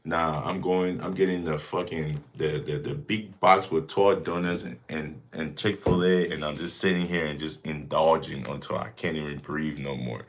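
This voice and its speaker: A very deep-voiced man in his thirties chats casually with viewers in a livestream Q&A. He talks emphatically, circles back and repeats his points, and keeps slipping into jokes. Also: steady tone, moderate pace, few pauses, a little hiss or hum. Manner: emphatic, repetitive, joking, with bursts of mock voices. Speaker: fitness streamer answering viewer questions.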